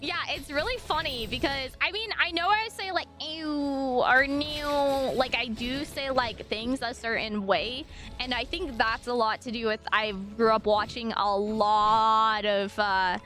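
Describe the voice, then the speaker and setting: Bubbly, high-voiced young woman streamer. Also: unhurried, soft background music. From US Northwest, raised in Washington and Montana. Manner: chatty and animated, lots of fillers, swears casually, squeals and laughs when excited. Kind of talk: casual chat with viewers while gaming.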